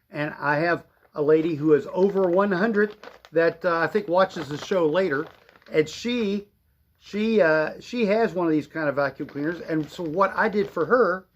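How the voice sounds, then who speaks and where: Folksy man demonstrating vacuum bags. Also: sits high. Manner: folksy, rambling explanations with fillers. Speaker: vacuum shop owner. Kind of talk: live-stream product demonstration. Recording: dull lo-fi livestream audio.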